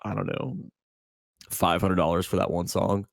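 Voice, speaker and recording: Man, low voice, casual rambling storytelling, lots of fillers, dry close sound. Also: flat delivery, normal speed, creaky, no room sound. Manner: rambling with many fillers and restarts. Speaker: podcast co-host.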